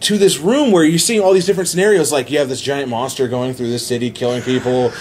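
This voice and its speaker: A man in casual podcast chat, retelling a movie plot excitedly with many restarts. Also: medium pitch, quick pace, slight background noise. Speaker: podcast host.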